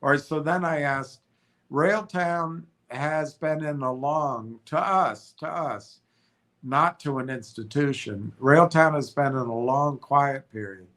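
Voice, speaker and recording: A congested man hosting a stock livestream, talking in a halting way with many restarts and self-corrections as he reads notes aloud. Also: on the high side, fairly bright tone. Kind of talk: casual stream commentary, reading notes aloud.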